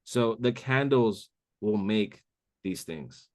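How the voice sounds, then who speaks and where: A man's voice: lowish voice, lively intonation, takes it slowly, a little mellow, no echo, studio quality. Casual man saying "bro" constantly. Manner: casual, says "bro" a lot. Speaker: trading mentor. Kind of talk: live trading call walkthrough.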